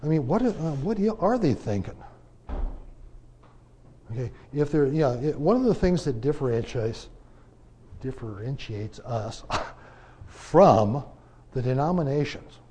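Animated man preaching on baptism. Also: fairly high pitch, normal speed, a little hiss or hum. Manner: animated, rhetorical questions, emphatic swings in loudness. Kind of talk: conversational Bible class teaching.

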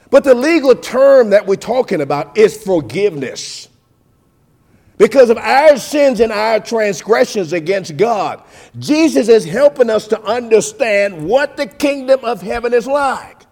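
A man with a high voice delivers a sermon in a rolling preacher's cadence. He drops to quiet, low asides, then lifts into loud, drawn-out emphasis, calling out to "folks" again and again. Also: sing-song. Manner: preaching cadence with sing-song rises and big swings in loudness; keeps addressing listeners as folks.

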